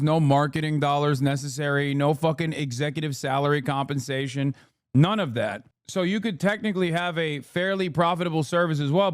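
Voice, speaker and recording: With a slightly high voice on a dry, studio-quality recording, a man reacts to news clips on a stream. His casual commentary is heavy on profanity and heated rhetorical questions.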